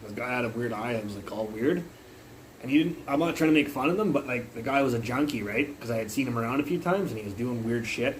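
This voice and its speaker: A young man talks into his phone mic in a mid-pitched voice, rambling loosely from one story to the next. He swears all the time and yells out the punchlines of his own anecdotes, with a faint hiss of noise underneath. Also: fast, low-quality recording. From Canada, Burnaby area. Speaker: livestreamer. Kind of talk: casual profane storytelling.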